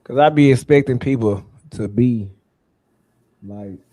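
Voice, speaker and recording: A man's voice: mid-range voice, measured pace, mellow. Loose-talking man searching for words. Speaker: guest. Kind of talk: casual conversation.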